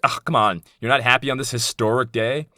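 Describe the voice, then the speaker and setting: A man's voice: mid-range voice, fairly even intonation, fairly quick, bright, forceful tone, no room sound, clean studio sound, pitched above the performer's own voice, close to an everyday voice. A man voicing a chirpy, well-meaning woman neighbor as he retells a chat. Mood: cheery.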